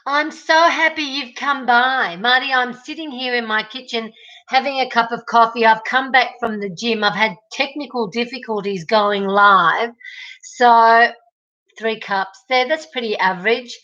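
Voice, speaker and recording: This livestream host, an Australian-accented woman, chats from her home kitchen, reading viewer comments and greeting people by name. Her voice is a little high and sharp in tone, a little slow, with fairly even intonation. Dull audio.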